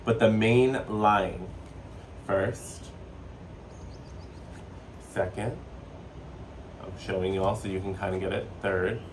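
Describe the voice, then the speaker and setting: A man giving a casual spiritual tarot reading, chatty and excitable, with a playful, sassy way of talking. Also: on the low side, takes it slowly, long pauses, recorded from a distance, background noise. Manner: playful, sassy, slips into joking accents. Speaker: tarot reader.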